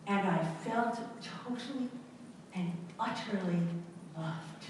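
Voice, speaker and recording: A middle-aged woman giving a personal storytelling talk to an audience, dramatic and emphatic, with long pauses and repetition. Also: mid-range voice, slight background noise. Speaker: speaker at a self-help event. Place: large indoor event hall. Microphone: camera in the audience. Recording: echoey hall recorded from far off.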